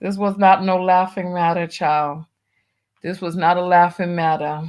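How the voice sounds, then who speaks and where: Slow-talking woman streaming host. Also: fairly low pitch, little pitch movement, darkish tone. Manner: drawling, exclamatory, reads viewer comments aloud. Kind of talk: live-stream casual chat.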